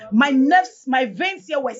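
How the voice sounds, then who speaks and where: A woman from Cameroon with a Cameroonian English accent, giving an emotional personal testimony in a dramatic, animated way, often near tears. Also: high voice, a little slow. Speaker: guest telling her story. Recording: dull lo-fi audio with faint music.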